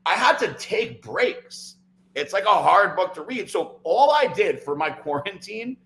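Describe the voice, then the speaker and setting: A man's voice: on the high side, fairly bright tone, low-quality recording. A man, a podcast guest, telling a long personal story in casual chat, often tagging "right?" and "like". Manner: rambling, fills talk with "like" and "right?".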